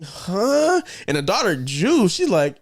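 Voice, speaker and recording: A man co-hosting a casual podcast, retelling a movie plot in lively detail and acting out the characters' lines as he goes. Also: mid-range voice, smooth, no room sound, studio quality. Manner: animated storyteller, acts out characters in quick shifts of voice. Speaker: podcast co-host. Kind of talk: casual movie review chat.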